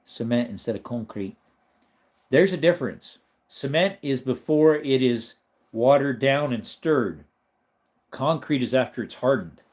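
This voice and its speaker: An American man hosting a casual live stream, chatting loosely, reading out comments and laughing often. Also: mid-range voice. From United States. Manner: relaxed, chatty, reads chat aloud and laughs often.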